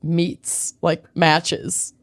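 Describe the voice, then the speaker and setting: A woman co-hosting a casual podcast, chatty and animated, often mocking herself. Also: deep voice, drawn-out words. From United States. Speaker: podcast co-host. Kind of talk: casual chat.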